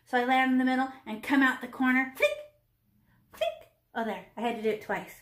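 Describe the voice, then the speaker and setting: A woman's voice: sits high, steady tone, fast talker, fairly bright tone, echoey room. A woman in her fifties teaching children to paint, playful and chatty, teasing the class and talking to herself as she works. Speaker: art teacher.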